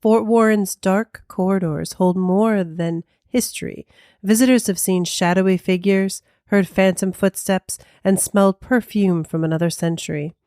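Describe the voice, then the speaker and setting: A woman co-hosting a paranormal podcast, telling a ghost story in a slow, hushed, dramatic way. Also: mid-range voice, steady tone, clear, resonant tone, dry recording, studio quality.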